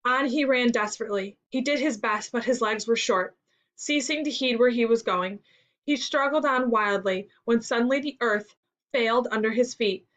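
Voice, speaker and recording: A woman reading a classic story aloud in an expressive storytelling manner for a school reading lesson. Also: fairly high pitch, moderate pace. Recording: dull lo-fi recording.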